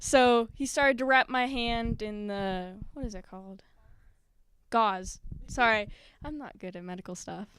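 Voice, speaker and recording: A woman's voice: on the high side, a little slow, slight background noise. A woman performing a personal story live on stage, nervous and giggly, acting out scenes as she goes. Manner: nervous and giggly, with animated acted-out quotes. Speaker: spoken word performer. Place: stage at a live community event.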